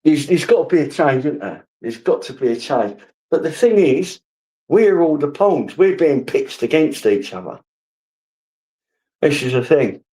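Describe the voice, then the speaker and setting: A man on a live stream, telling rambling stories full of swearing. His voice sits at an ordinary middle pitch. He talks straight to his chat in a loose, offhand way. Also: a little mellow, poor audio. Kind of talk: casual live-stream rant.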